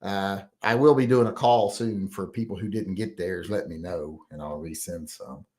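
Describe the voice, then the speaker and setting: A man hosting a casual live chat, reading out viewer comments and rambling between them with frequent fillers and throat clearing. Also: sits low, moderate pace, a little mellow.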